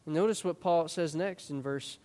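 A man with a notably high voice preaches an expository sermon as pastor. He is earnest and emphatic, doubling words as he restarts a thought. His voice rings with the long reverb of a large church sanctuary. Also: moderate pace, darkish tone.

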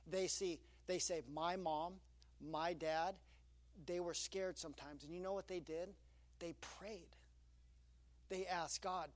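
Animated high-voiced male pastor preaching. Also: unhurried. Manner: animated storytelling with quoted asides. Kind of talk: sermon.

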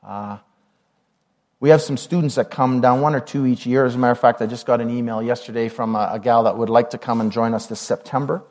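A man's voice: mid-range voice, fairly even intonation, fairly quick, darkish tone. Pastor, male, chatty sermon delivery with questions to the room. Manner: conversational, asks the congregation questions.

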